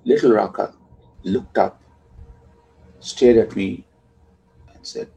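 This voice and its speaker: Gravelly husky-voiced father reflecting softly. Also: fairly low pitch, takes it slowly, long pauses, poor audio. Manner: soft, reflective, drops to near-whispers. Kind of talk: reflective personal storytelling.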